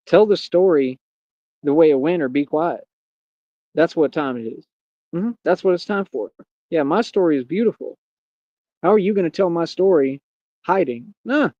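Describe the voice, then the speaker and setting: A man rants on his livestream, boastful, defiant and mocking. His voice sits fairly high yet sounds mellow and warm. The audio is dry and lo-fi. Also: animated, normal speed, pauses often, no echo. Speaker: livestream host. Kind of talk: unscripted ranting monologue.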